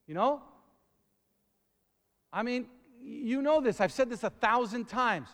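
A middle-aged man preaching a sermon, rambling and repeating words, then building up to shouting. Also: extremely high pitch, expressive, slow. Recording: long reverb of a large hall.

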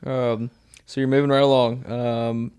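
A man's voice: mid-range voice, level tone, a little slow, a little mellow, clear, resonant tone. A man hosting a casual podcast interview, friendly and jokey, asking short follow-up questions. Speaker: podcast host.

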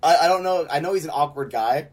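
A man's voice: a little high, fast. A man from Arizona talking loosely on a sports podcast. He rambles, packs his sentences with "like" and laughs easily between thoughts. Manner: rambling, heavy use of "like", laughs often. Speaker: podcast co-host. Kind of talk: casual chat.

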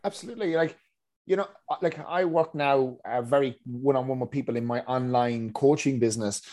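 A man hosting a podcast in a relaxed chat, swearing casually. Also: mid-range voice, fairly quick. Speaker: podcast host.

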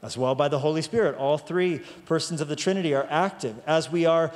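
A man's voice: fairly high pitch, a little fast, a little mellow, big-room sound. A man preaching a sermon as pastor, emphatic, stretching out key phrases for weight.

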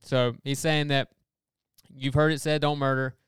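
A man talks through a Bible passage in a casual, earnest way, building his point and rushing through asides. His voice is very smooth and clear, and the recording is dry and close. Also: mid-range voice, no room sound. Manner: earnest, explanatory, animated with quick asides. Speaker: podcast co-host. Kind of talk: casual Bible study discussion.

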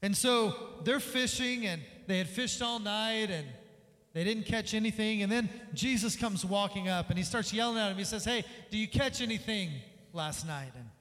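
A man preaching a sermon as pastor, energetic, acting out the voices in the story he tells. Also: high voice, moderate pace. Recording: long reverb of a large hall.

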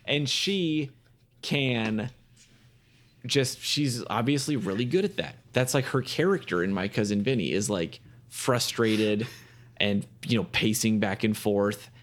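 A man co-hosting a podcast in casual chat, laying out his reasoning in an animated way, with swearing and laughter. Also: on the low side, unhurried. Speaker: podcast co-host.

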